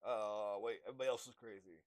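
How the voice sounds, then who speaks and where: A young man in a casual, halting vlog monologue, with many fillers and restarts, acting out imagined dialogue. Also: fairly low pitch, steady tone. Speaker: vlogger.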